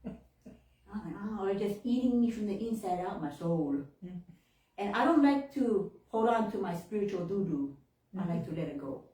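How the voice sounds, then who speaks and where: A woman minister shares a story in a sermon, mid-range and mellow, with lively intonation at normal speed. Her lilting delivery is full of laughter and acted-out reactions. It's recorded in an echoey temple hall from a distant mic.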